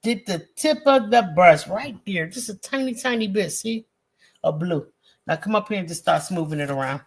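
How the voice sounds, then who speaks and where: A woman's voice: medium pitch, expressive, moderate pace, husky. A woman leading a live-streamed painting lesson as an art teacher, chatty and encouraging, talking straight to her viewers and bantering with the chat in a slangy, friendly way.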